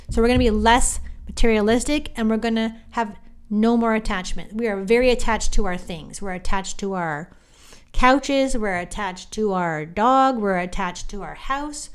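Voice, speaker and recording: A woman hosting a podcast, talking in a chatty, animated monologue, often restarting her sentences. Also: medium pitch, normal speed, clean tone. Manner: chatty, animated, self-interrupting. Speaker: psychic podcast host. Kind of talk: casual monologue.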